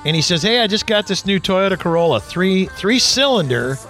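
A man's voice: high-pitched, fast talker, faint music behind. A man hosting a casual car talk radio show, telling stories and acting out quotes. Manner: animated storyteller, acts out quotes.

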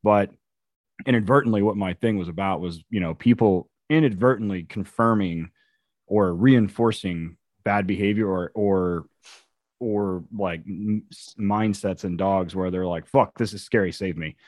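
A man co-hosting a casual podcast, telling profane, animated stories about police dogs. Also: sits low, measured pace, dry recording, clean studio sound. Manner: profane, animated storytelling with quoted asides. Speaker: co-host, police dog handler.

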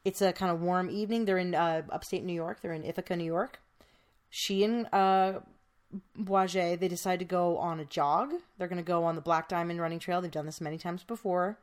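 A woman's voice: on the low side, fairly even intonation, a little fast. A woman podcast host telling a true crime case in casual, chatty storytelling, with many fillers.

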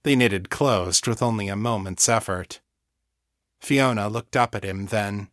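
A man reading his own fantasy novel as an audiobook, in a steady, measured storytelling voice. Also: lowish voice, dry recording, studio quality. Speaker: author and audiobook narrator. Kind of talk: scripted audiobook narration.

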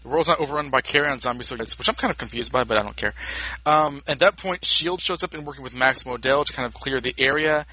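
A man casually recapping a comic book on a podcast in a quick, dismissive way. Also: mid-range voice, bright, forceful tone, no echo, dull audio. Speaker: podcast co-host.

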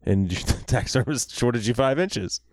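A man hosting a podcast, relaxed and prompting his guest with easy questions. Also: medium pitch, moderate pace, no echo, studio quality. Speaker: podcast host. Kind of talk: casual interview chat.

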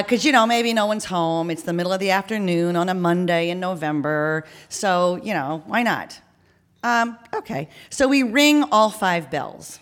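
A woman telling a story to a live audience in an animated, chatty way, dotted with ums and okays. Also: on the low side.

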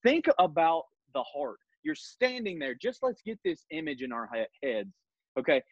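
A man's voice: on the high side, big pitch swings, normal speed, no room sound, highs cut off. A man hosting a podcast who leads a Bible study conversation, reading scripture aloud and making his points with earnest emphasis. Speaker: podcast host.

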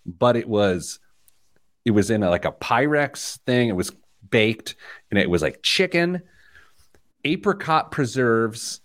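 Male podcast host from Indiana, jokey and rambling, mid-pitched. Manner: jokey, rambling, laughs at own stories. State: wired on caffeine. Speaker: podcast host, financial planner. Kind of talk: casual banter on a money show.

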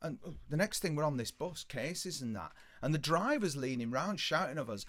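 A man's voice: a little high, lively intonation, fairly quick, few pauses, fairly bright tone. A man telling a rambling, sweary anecdote on a casual podcast. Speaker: podcast co-host. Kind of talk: casual storytelling chat.

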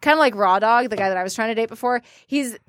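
A woman telling an animated story in a casual podcast chat. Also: on the high side, racing, no room sound, studio quality.

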